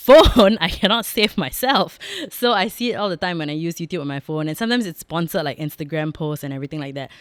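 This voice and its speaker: Singaporean woman, podcast host, frank joking chat, smooth clean tone, dry close studio mic. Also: deep voice, dry recording. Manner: frank, joking, laughs often, drops in local particles. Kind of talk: casual chatty monologue.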